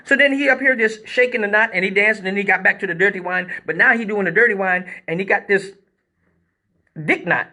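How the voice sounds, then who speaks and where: A man hosting a live stream, telling a crude comic story in a casual, animated way. He swears freely and acts out scenes with sound effects. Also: high-pitched, brisk. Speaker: male exotic dancer, live-stream host.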